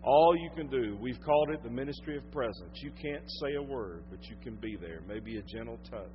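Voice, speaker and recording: A man with a Southern US accent, preaching a sermon as a pastor. He swings from loud emphasis to hushed tones and draws out his phrases. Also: medium pitch, lively intonation, fairly quick, muffled recording, noisy background.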